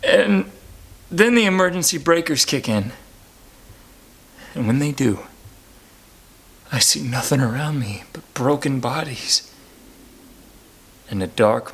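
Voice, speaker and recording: A man's voice: a little high, a bit bright. A man playing a stammering, desperate henchman. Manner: halting, stammering, full of restarts. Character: desperate working-class male henchman, a struggling father. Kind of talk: mock documentary interview acting.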